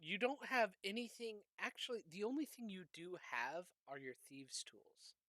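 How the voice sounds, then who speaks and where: A game master narrating a tabletop game with halting delivery and many fillers. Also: medium pitch, big pitch swings, a bit bright, dry recording.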